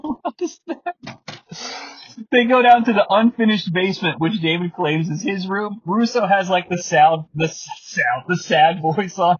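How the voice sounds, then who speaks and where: A man's voice: high voice, slightly rough, no echo. A man hosting a podcast, recapping old wrestling with wry humor, frequent laughter and rambling asides. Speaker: podcast host. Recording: dry, slightly muffled podcast mic.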